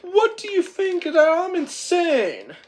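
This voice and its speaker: A young speaker with a sore throat voicing a tough, bossy female snail racing coach who yells in a squeaky, strained voice. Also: huge pitch swings, takes it slowly, exaggerated voice. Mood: yelling. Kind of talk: retelling a film scene in voices.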